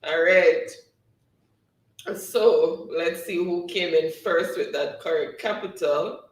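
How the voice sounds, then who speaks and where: Slow, chatty man in a roomy space. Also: on the high side, far from the mic. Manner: chatty, often breaks into laughter. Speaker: host of a live trivia stream. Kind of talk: casual live-stream chat, reading viewer comments aloud. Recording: roomy sound, voice set back from the mic.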